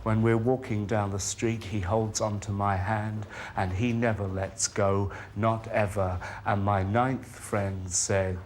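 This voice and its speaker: A man from England performing his own spoken word poem in a slow, measured delivery with long pauses. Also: fairly low pitch, level tone, a little hiss or hum.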